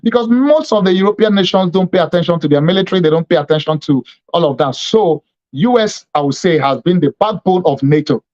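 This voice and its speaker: A bishop hosting a TV program, giving emphatic political commentary and repeating points to drive them home. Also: male voice, high-pitched, lively intonation, fairly quick, a little mellow, dull audio.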